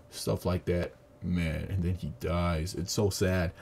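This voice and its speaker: A man giving a casual, profane, animated review of a movie he just saw. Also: deep voice, takes it slowly, creaky, hardly any pauses. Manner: profane, animated retelling with acted quotes. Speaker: video reviewer. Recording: audio static.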